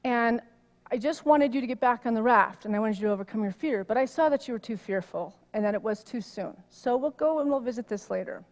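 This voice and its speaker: A middle-aged woman minister delivers a conversational sermon in a church sanctuary, her fairly high, lively voice moving briskly. As her story builds she gets loud and animated, and a long reverb from the hall trails after her words.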